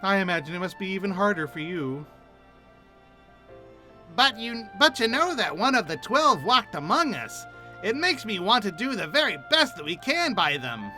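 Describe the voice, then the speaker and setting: A man's voice: high-pitched, very animated, normal speed, bright, forceful tone, soft background music, full character voice. A man reading aloud the lines of an earnest woman adventurer who talks in an old-fashioned way. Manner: earnest, archaic read-aloud delivery.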